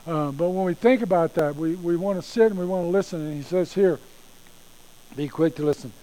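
A man's voice: on the high side, brisk, warm tone, low-quality recording. A male pastor preaching a sermon in a folksy, conversational way, often repeating himself.

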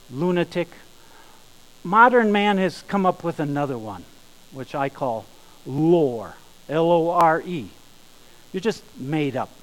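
A man preaching a sermon, emphatic, slowing down and rising in volume on key phrases. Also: on the high side, slight background noise, poor audio. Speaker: pastor.

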